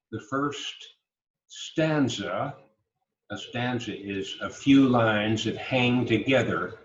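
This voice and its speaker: A man giving a recorded online lecture, speaking slowly and emphatically and exaggerating word stress to demonstrate. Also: medium pitch. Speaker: college lecturer. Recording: roomy, dull lo-fi recording.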